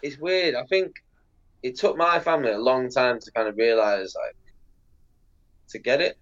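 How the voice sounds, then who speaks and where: With the highs cut off, the recording captures a medium-pitched man speaking at a moderate pace. He's an English pro skateboarder on a podcast, animated and sweary, doing voices for the people in his casual interview anecdotes.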